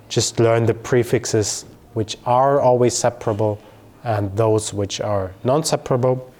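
Slow, patient male language tutor. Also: lowish voice, warm tone. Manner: slow, patient, with fillers and careful pronunciation examples. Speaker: German teacher. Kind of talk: explaining grammar to a learner.

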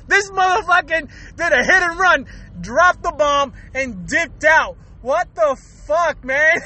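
High-voiced man ranting and laughing. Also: pushed and bright. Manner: laughs often between lines, profane and rambling; repeats words and restarts while talking. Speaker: podcast host. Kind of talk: casual comedic rant.

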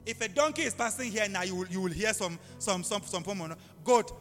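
A man's voice: sits high, expressive, fairly quick, a bit bright, big-room sound, soft background music. A male pastor preaching a live sermon, telling stories with acted-out voices and animal sounds.

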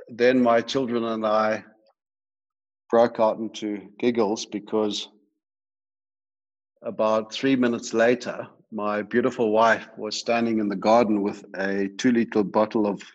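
A man's voice: fairly low pitch, little pitch movement. Man telling a story, dull audio. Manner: amused, unhurried storyteller. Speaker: guest, sauce maker. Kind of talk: storytelling anecdote.

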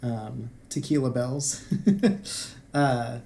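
A man's voice: mid-range voice, moderate pace, mellow, slight background noise. A man co-hosting a podcast, chatting casually about a video game and talking in a hesitant way with many restarts. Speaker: podcast co-host.

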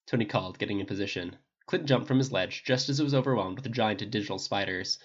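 Lively audiobook narrator, lo-fi sound. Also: low voice, quick pace, few pauses. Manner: lively, expressive reading. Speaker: audiobook reader. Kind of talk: audiobook narration of fan fiction.

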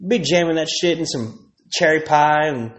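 A man's voice: on the high side, moderate pace, a bit bright, roomy sound. A man, ranting crudely and rambling as a podcast host, laughing often. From Texas. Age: 30s. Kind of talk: profane comedic rant.

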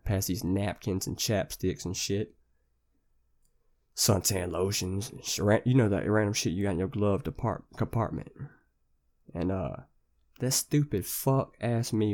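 A man's voice: sits low, unhurried, a little mellow. A young man hosting a podcast, telling a rambling story in casual, slang-heavy, profane talk. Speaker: podcast host.

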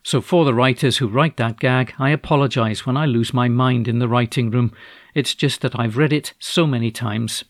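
A man with a Scottish accent reading newspaper articles aloud in a steady, measured way for a volunteer news service. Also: mid-range voice, no room sound, clean studio sound.

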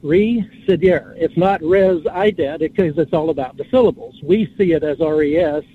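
A man calls in to a talk show and rambles through his musings, stopping to spell out words. His voice sits a touch high, and it comes through a tinny phone line with a faint hiss behind it. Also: fairly quick. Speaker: caller. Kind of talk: casual call-in chat.

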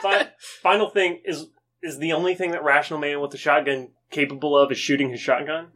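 A man's voice: a little high, fairly even intonation, fairly bright tone. A young man on a podcast asking questions in casual chat. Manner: questioning, quick to laugh. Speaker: podcast co-host.

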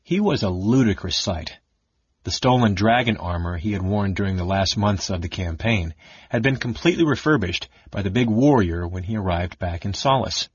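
A male audiobook narrator with a low, husky voice reads a fantasy story in a measured, expressive way. The recording is dry and close, with a slightly dull, lo-fi sound. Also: no echo.

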